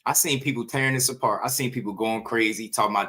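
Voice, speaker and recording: A man's voice: mid-range voice, fast, bright, forceful tone. A man hosting casual boxing commentary, ranting with profanity, slang and rhetorical questions.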